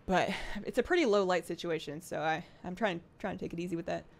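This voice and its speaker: A woman's voice: on the low side, fast. A young woman hosting a casual livestream from her apartment, chatting with viewers in a rambling, self-deprecating way full of fillers and restarts. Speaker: livestream host. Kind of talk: casual chat reading viewer comments. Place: home apartment.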